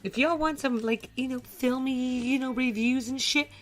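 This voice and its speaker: A woman's voice: high voice, fairly even intonation, moderate pace. A woman from the United States co-hosting a podcast, talking in a heated, profane, emphatic way. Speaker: podcast co-host. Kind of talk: angry rant on a podcast.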